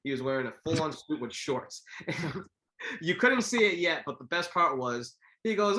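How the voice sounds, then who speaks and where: A man's voice: on the high side, moderate pace. A man co-hosting a casual boxing history podcast, telling stories and acting out the quotes. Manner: animated storyteller, acts out quotes. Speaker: podcast co-host. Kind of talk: casual chat.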